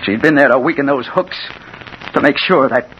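An actor playing a hard-boiled crime reporter who narrates in a dramatic, emotional way, in a 1940s-style radio drama on an old hissy broadcast recording. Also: male voice, mid-range voice, normal speed, dull audio, natural voice. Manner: dramatic, emotional, swings from hushed to urgent. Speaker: narrator and lead.

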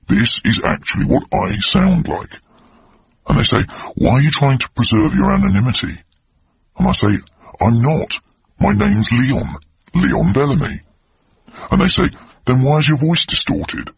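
A gravelly, weird-voiced complainer. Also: male voice, medium pitch, highs cut off. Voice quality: gravelly, unnatural-sounding voice. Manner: weary, complaining monologue. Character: aggrieved man with a strange gravelly voice. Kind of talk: comedy sketch monologue.

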